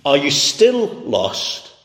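A man's voice: a little high, huge pitch swings, drawn-out words, fairly bright tone. A man preaching a sermon with an emphatic, repetitive cadence. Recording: echoey hall.

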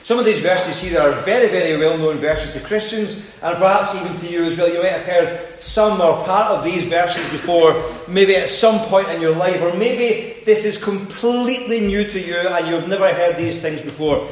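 A man preaches earnestly to the people in front of him, his voice sitting a little high for a man. The sound is drenched in the heavy echo of a large hall. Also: normal speed. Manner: earnest, direct address to listeners. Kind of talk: evangelistic sermon. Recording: very echoey hall.

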